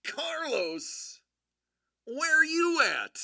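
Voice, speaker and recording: Giddy high-pitched stream host. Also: sing-song, very slow, vocal fry, dry recording, clean studio sound. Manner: giddy, laughing, shouting bursts. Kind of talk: excitable live stream commentary.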